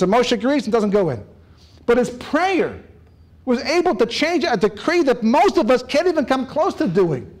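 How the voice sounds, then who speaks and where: A man giving a Torah lecture, animated, joking and laughing as he acts out dialogue. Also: very high-pitched, normal speed. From lives in Israel. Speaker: rabbi giving a Torah talk. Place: lecture room.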